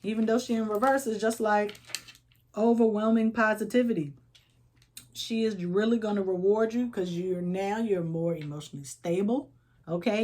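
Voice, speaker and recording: A woman's voice: mid-range voice, a little mellow. A woman giving a casual tarot reading, telling it like a story, acting out little voices and checking in with "okay?" all the time. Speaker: tarot reader.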